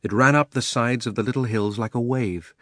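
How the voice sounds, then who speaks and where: This is an audiobook reading of a children's fantasy story, narrated by a man with a mid-range voice. The recording is studio quality without room sound, and his delivery is measured and expressive.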